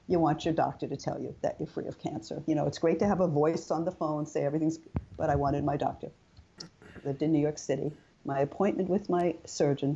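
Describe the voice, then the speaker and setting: An older woman, a guest in an interview, telling her personal story in a chatty, animated way and acting out quoted dialogue. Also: sits low, husky, muffled recording.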